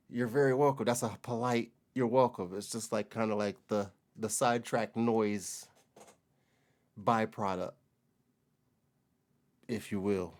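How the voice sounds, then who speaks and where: An American man hosting a reaction video, chatting in a relaxed, slangy way and laughing often. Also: mid-range voice, unhurried, long pauses. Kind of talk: casual reaction commentary.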